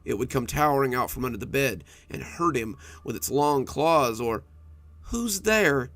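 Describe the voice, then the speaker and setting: A man narrating horror stories in an expressive storytelling manner. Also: medium pitch, moderate pace.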